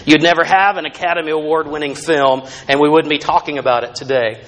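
Man preaching in a slightly high voice. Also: fairly even intonation, quick pace, a bit bright, a little hiss or hum. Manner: conversational preaching with asides and restarts. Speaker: pastor. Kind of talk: sermon.

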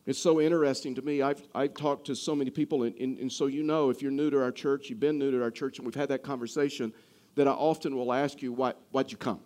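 A man's voice: mid-range voice, steady tone, quick pace, a little mellow. A male pastor preaching a sermon, earnest, often repeating and restarting his words.

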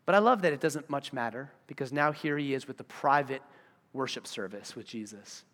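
A man's voice: mid-range voice, fairly quick. A man preaching a sermon as pastor, acting out the voices of the people he talks about. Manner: animated, acts out voices of the people he describes. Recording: reverberant church hall.

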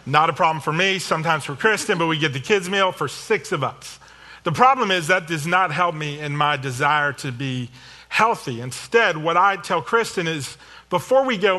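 A man's voice: fairly high pitch, bright, forceful tone. A middle-aged man giving a sermon, conversational and self-deprecating, with storytelling asides. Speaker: pastor.

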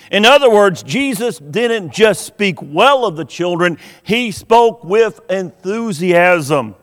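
A man preaching a sermon as pastor, earnest and emphatic, stretching out key words. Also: high voice. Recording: long hall reverb.

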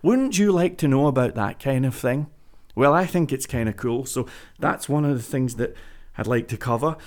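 A man talking straight to his viewers in a casual vlog, pitching an idea like a salesman and repeating phrases for emphasis. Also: moderate pace, a little mellow. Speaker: web business vlogger. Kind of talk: energetic casual monologue to camera.

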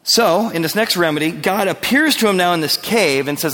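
A man's voice: sits high, lively intonation, a little fast, fairly bright tone, in a large hall. A male pastor preaching a verse-by-verse sermon in an earnest, conversational way, asking his listeners questions.

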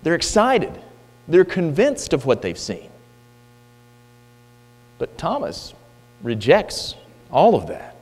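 A man preaching a sermon, emphatic and full of rhetorical questions, in a church hall. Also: mid-range voice. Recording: long hall reverb with mains hum.

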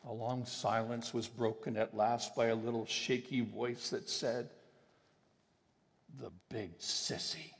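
A man preaching a sermon, emphatic and sometimes slowing his phrases for weight. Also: medium pitch, level tone. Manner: emphatic, with deliberate slowed phrases. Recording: long reverb of a large hall.

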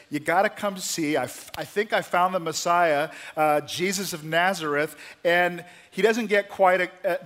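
A male pastor preaching a sermon, telling the story with lively, acted-out quotes. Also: a little high. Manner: animated storytelling, acting out voices in quotes.

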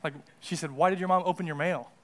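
A man's voice: high voice, steady tone, fast talker. A young American man preaching a sermon as pastor, casual and conversational with fillers and restarts. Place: church sanctuary.

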